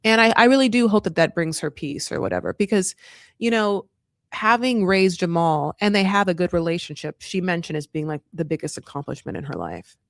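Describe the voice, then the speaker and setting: A sassy, outspoken man recaps a reality show in an unfiltered way, with plenty of swearing. He bounces into a higher voice whenever he quotes someone. The sound is dry and close, with no room echo. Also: lively intonation, brisk, gravelly, a bit bright. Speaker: TV recap host.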